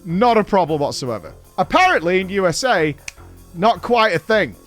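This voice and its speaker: A man from Britain, hosting a show and telling a story in a casual recap, animated and swearing freely. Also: sits high, moderate pace, soft background music. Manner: animated, swears freely, acts out quoted dialogue. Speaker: show host.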